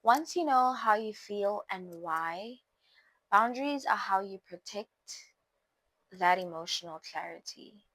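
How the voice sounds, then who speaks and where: A woman's voice: mid-range voice, expressive, a little slow, a bit bright, dry recording, rough recording. A young woman talks casually to her viewers, chatty and playful, often talking straight to them. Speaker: vlogger. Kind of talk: casual talk to camera about boundaries.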